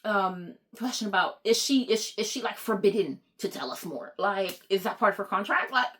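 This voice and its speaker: A young woman book vlogger chatting to camera, excitable and rambling, stopping to apologize for going off track. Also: mid-range voice, normal speed. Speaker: book YouTuber. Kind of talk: casual chat to camera.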